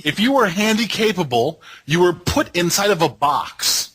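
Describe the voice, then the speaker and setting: A man co-hosting a casual wrestling review, ranting in a sarcastic, animated way. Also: sits high, moderate pace, slightly rough. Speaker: podcast co-host.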